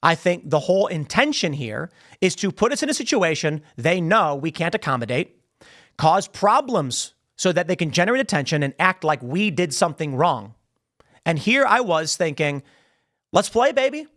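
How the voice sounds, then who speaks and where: A podcast host tears into his critics in a ranting monologue, and his high voice leaps up and down as he mocks and repeats himself for emphasis. He speaks straight into a studio microphone. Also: sing-song, normal speed, a bit bright. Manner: emphatic and mocking, repeats phrases for effect.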